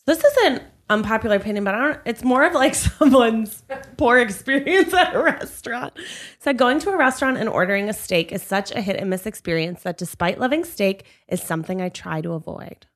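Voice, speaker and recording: A woman co-hosting a casual podcast chat. She talks with lively swings of pitch and laughs easily between her remarks. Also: a little fast. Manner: laughs often, chatty. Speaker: podcast co-host.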